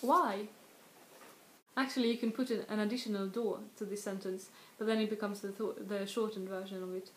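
A woman from Sweden, giving a casual video language lesson and explaining slowly with frequent restarts and spoken examples. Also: mid-range voice, steady tone. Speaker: language tutor. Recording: echoey room with faint noise.

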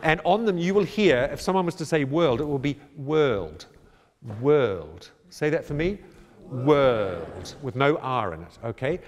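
Guy running choir practice, bouncy up-and-down voice, kinda high, big echoey church sound. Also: expressive. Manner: encouraging, brisk, jokey asides, sings and demonstrates phrases. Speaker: choir director. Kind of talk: choir rehearsal coaching. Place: church or large hall. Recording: long hall reverb.

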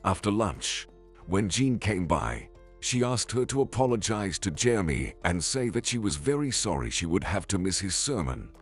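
A man narrating a scripted story in an even, measured way. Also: deep voice, soft background music.

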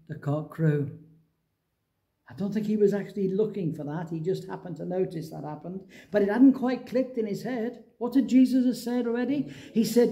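Animated high-voiced preacher with a mellow tone. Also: male voice. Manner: animated storytelling, acting out Bible dialogue. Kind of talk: sermon.

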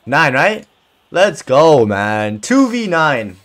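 A man giving excited commentary over his own soccer video game match, cheering, swearing and shouting at teammates. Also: on the high side, slow pace. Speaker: gaming video creator.

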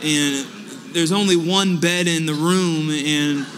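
A young adult man preaching a sermon, telling personal stories and acting out the dialogue with lively energy. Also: fairly high pitch, slow pace, a little hiss or hum. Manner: animated anecdotes with acted-out dialogue. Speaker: pastor. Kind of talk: storytelling sermon. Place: church sanctuary. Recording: long hall reverb.

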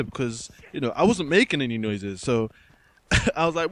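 A man's voice: a little high, lively intonation, a little fast, fairly bright tone. A young man commentating over gameplay, telling a story in a casual, rambling way with many restarts, often calling his viewers guys and man. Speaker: gaming commentator.

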